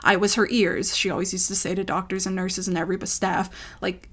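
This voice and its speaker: A woman's voice: medium pitch, flat delivery, brisk. A woman telling a personal story in a vlog, in a rambling, emotional way with lots of fillers. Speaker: ASMR creator.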